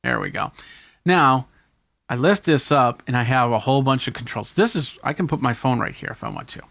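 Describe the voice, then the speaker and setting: A man's voice: mid-range voice, lively intonation, brisk, creaky, a bit bright, no room sound. A man hosting a tech video, casually and enthusiastically demonstrating camera gear hands-on. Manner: casual, enthusiastic show-and-tell.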